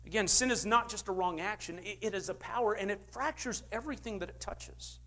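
An older man preaching a sermon as a pastor, emphatic, with big swings in pitch and loudness. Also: brisk.

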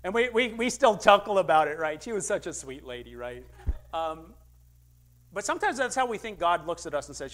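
An older man preaching a sermon as a pastor, emphatic, with big swings in pitch and loudness. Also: sing-song, a little fast.

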